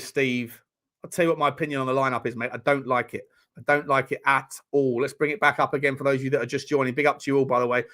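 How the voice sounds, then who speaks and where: A man's voice: fairly high pitch, fairly bright tone. A man hosting a casual football watchalong stream, rambling and joking with frequent stammering restarts. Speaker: football channel host.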